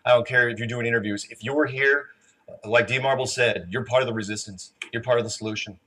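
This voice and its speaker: A man's voice: medium pitch, fairly even intonation, fast, sharp tone. A man speaking live to a large conference audience, chatty and emotional, with stumbling restarts, before taking questions.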